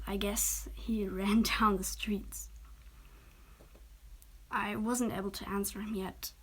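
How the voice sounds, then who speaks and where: A young woman reading her own story in a soft, often whispered voice, as whispered role-play. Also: mid-range voice. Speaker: story reader.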